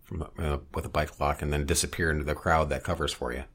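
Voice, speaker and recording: A man in casual conversation, speaking haltingly with many fillers and restarts. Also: extremely low pitch, flat delivery, fairly bright tone, breathy edge. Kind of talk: casual podcast chat.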